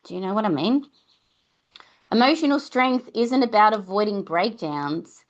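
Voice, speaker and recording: A woman's voice: medium pitch, lively intonation, normal speed, dull audio. A woman hosting a podcast, talking casually and giving reassuring advice to mums, sometimes acting out little conversations with a child. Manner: chatty, warm reassurance, acts out mum-and-child exchanges. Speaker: podcast host.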